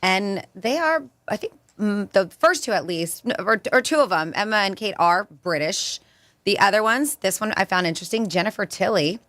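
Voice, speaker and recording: A woman's voice: mid-range voice, animated, normal speed, fairly bright tone, dry recording. A woman co-hosting a radio show in casual chat, reading a survey list and laughing now and then. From Florida. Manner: chatty, laughs, reads off a list. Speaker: radio co-host.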